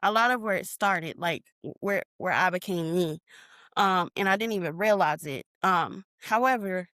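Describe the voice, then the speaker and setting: A woman's voice: lowish voice, normal speed, dry recording. Woman telling a painful memory, dry close mic. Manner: emotional retelling, reenacting her own shouts. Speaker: podcast guest. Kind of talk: personal storytelling interview.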